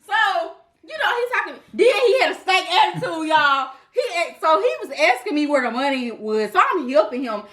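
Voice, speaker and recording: A woman in her twenties telling a casual storytime, animated and talking straight to viewers. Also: extremely high pitch, moderate pace, few pauses. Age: 20s. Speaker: vlogger.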